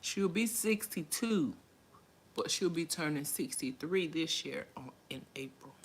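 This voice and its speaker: A woman's voice: low-pitched, animated, a little slow, a little hiss or hum. A woman in her forties hosting a casual livestream, reading viewer comments aloud and chatting in a folksy way with frequent laughter. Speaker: livestream host.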